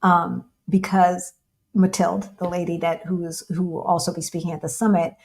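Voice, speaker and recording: A woman's voice: fairly low pitch, normal speed. Chatty American woman on a livestream. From United States. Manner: chatty, animated, answers viewer questions. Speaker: co-host of a livestream. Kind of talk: casual livestream chat.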